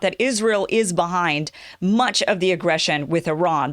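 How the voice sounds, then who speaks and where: A woman hosting her own political commentary show, talking in an animated, sarcastic way and mocking her opponents. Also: on the low side, no echo, studio quality. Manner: animated, sarcastic, mocks opponents in quoted voices.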